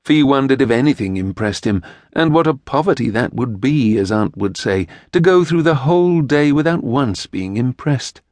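A man narrating an audiobook in an expressive storytelling manner on a close mic. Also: medium pitch, normal speed, few pauses, dry recording. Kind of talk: scripted narration.

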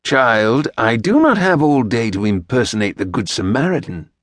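A man doing a stern, fussy gentleman. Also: mid-range voice, sing-song, moderate pace, dry recording. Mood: dry. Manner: dry, clipped, pompous. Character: stern, fussy tall gentleman rider, sardonic.

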